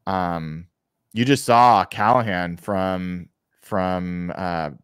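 Low-voiced man on a sports podcast. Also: extremely slow, clear, resonant tone, no echo, clean studio sound. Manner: animated, frequent restarts. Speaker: podcast co-host. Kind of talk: casual sports podcast chat.

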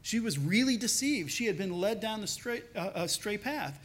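High-voiced pastor preaching conversationally. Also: male voice, expressive, normal speed, a bit bright. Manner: conversational, acts out quoted voices with lowered pitch. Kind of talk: sermon.

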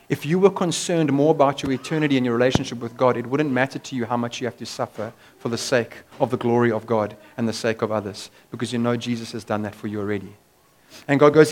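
A man's voice: mid-range voice, fast, slight background noise. A man preaching a sermon as pastor, in an emphatic, conversational way.

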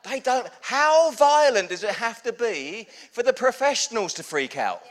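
A man preaching a sermon as pastor, telling stories with humor, swinging from loud bursts to hushed lows. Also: sing-song, moderate pace.

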